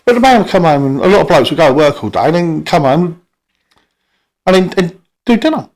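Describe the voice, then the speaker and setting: A man's voice: on the high side, expressive, brisk. A middle-aged man telling rambling, sweary stories in a casual podcast chat, full of restarts.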